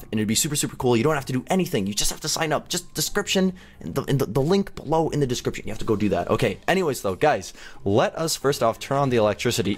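Excitable young man narrating gameplay. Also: mid-range voice. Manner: excitable, rambling, laughs and gasps often. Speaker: gaming channel host.

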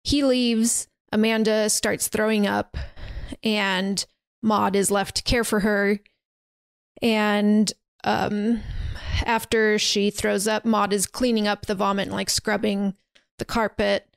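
A woman's voice: medium pitch, flat delivery, slow pace, gravelly, smooth, dry recording. A woman hosting a podcast, casually retelling a horror film's plot in a chatty way with many fillers and restarts. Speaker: podcast host. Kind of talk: casual movie recap.

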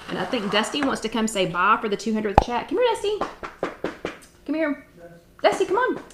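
A middle-aged woman, hosting a live-stream chat at home in a bubbly, excited way. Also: mid-range voice, a little hiss or hum. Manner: bubbly and excited, drawn-out exclamations. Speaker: host.

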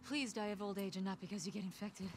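An actress playing a dry, teasing young woman survivor in a video game, talking in low-key banter. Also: steady tone, fast talker, noisy background, close to an everyday voice.

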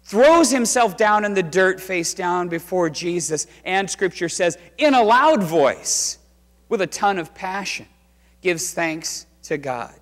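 A man preaching a sermon as pastor, telling the story conversationally and swinging between loud and hushed. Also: sits high, unhurried. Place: church sanctuary. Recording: reverberant church sanctuary.

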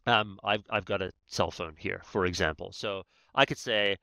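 A man's voice: low voice, normal speed, gravelly, sharp tone, smooth, no room sound. A man, a guest expert on negotiation, talking in a conversational way and often tagging his points with "right?". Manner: emphatic, many "right?" tags. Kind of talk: conversational explaining.

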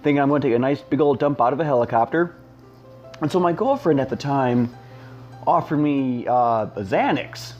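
Rambling, animated young man telling stories. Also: fairly high pitch, moderate pace, dull audio, soft background music. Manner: rambling, self-mocking, heavy on fillers. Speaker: storyteller, channel host. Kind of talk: casual storytime monologue.

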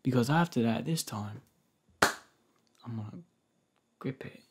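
Gravelly london-accent boyfriend, whispered role-play, slow and teasing , an american guy putting it on. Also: medium pitch. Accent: put-on London accent. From United States. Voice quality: soft, half-whispered delivery. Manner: slow, coaxing and playful. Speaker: ASMR creator.

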